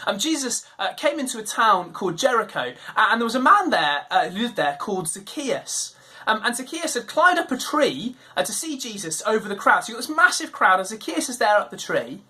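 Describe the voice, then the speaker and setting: A woman's voice: on the high side, fairly quick, slightly rough. A woman leading an online children's Bible talk for a church, telling the story with energy and acting out the voices in it. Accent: British. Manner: animated storytelling, acts out quoted voices.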